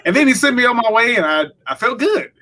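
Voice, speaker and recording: A man's voice: very high-pitched, big pitch swings, quick pace, pushed and bright. A young man co-hosting a podcast, telling funny stories in loose, swearing chat. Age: young adult. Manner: storytelling, laughing, casual swearing. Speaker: podcast co-host. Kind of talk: casual comedic chat.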